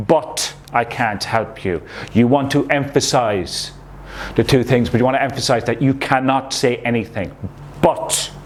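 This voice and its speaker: A man's voice: medium pitch, a little hiss or hum. A man teaching a recorded English lesson to young pupils, explaining patiently and checking in with "okay?" as he goes. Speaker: primary school English teacher.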